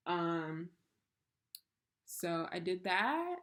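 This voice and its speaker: A woman's voice: on the low side, animated, slow, pauses often. A young woman from the United States, telling a personal story in a casual vlog, candid and emphatic. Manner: candid and emphatic, with swears and laughs. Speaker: vlogger.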